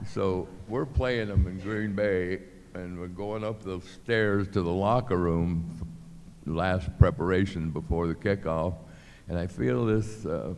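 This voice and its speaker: An older man spins stories in a very deep voice, playing out each quoted line with lively shifts. The sound carries a long hall reverb over faint background noise. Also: a little slow, creaky. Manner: animated storyteller acting out quotes. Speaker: guest. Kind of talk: storytelling. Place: club venue with live audience.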